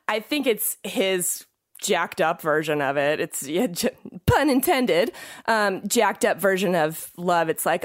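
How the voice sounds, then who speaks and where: A woman's voice: fairly low pitch, sing-song, slow, no echo, studio quality. A woman co-hosting a podcast in casual chat, giggly and playful, swearing freely. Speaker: podcast co-host.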